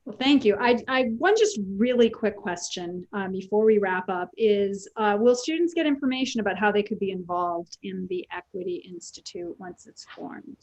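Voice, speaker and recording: A woman moderating a panel discussion, briskly asking a final question before wrapping up. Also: mid-range voice, darkish tone, rough recording.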